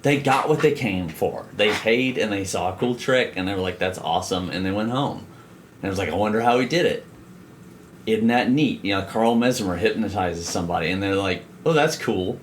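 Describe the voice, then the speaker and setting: A man co-hosting a podcast in casual chat, profane and animated, slipping into voices when he quotes people. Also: on the low side, brisk, a little hiss or hum. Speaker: podcast co-host.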